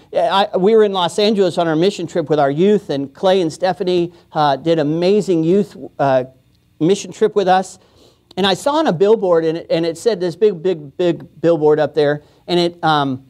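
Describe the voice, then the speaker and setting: A man's voice: sits high, a little mellow. A man preaching a sermon as pastor, in a casual, joking way, often chuckling and acting out quoted voices. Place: church.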